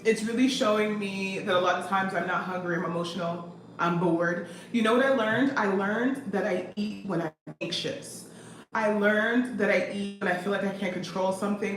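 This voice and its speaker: A young woman chatting casually in a vlog, animated and talkative, answering viewers' comments as she talks. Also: mid-range voice. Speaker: vlogger. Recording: echoey room from a distance with noise.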